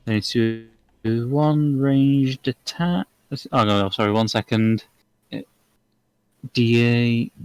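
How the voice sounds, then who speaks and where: A man narrating as game master of a tabletop game, often pausing to apologize and look through his notes. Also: mid-range voice, fairly even intonation, darkish tone, clean tone, no room sound.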